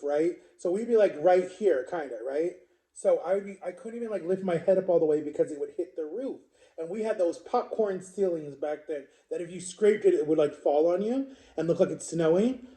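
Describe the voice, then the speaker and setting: A man in his forties talks to his viewers in a loose, rambling storytime, leaning on "like" and repeating himself. His voice sits a little high for a man yet sounds very dark and mellow. The room around him adds a clear echo. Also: fairly quick. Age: 40s. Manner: rambling, filler-heavy, repeats words. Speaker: vlogger. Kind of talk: casual storytime monologue.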